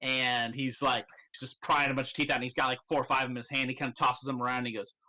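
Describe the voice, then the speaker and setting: A man's voice: medium pitch, little pitch movement, fast, bright, forceful tone. A young man narrating as game master in a casual, swear-filled way.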